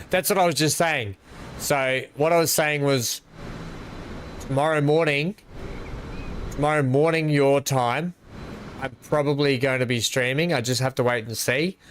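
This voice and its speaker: A man's voice: mid-range voice, measured pace, long pauses, slight background noise. An Australian man chatting casually to his live-stream viewers while playing, rambling and greeting them by name.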